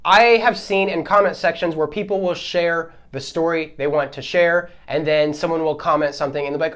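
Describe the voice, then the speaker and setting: A man hosting a solo podcast, ranting in a heated, exasperated way, his voice swinging between loud outbursts and quieter asides. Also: fairly high pitch, steady tone, normal speed, few pauses. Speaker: podcast host.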